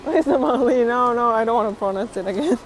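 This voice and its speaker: A woman's voice: a little high, expressive, fast talker. A woman whose first language is Thai, shopping with her partner and giving short, teasing replies. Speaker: vlogger's partner. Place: supermarket, indoors.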